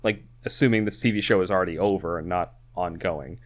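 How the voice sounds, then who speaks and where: Man, low voice, podcast co-host, casual rambling chat, restarts and fillers. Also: fairly quick.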